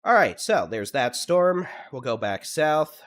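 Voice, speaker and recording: A Texan man, congested from allergies, runs live severe-weather coverage in a steady, at times monotone cadence. He works through town names, storm speeds and hail sizes one after another. His pitch sits in the ordinary middle for a man. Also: unhurried.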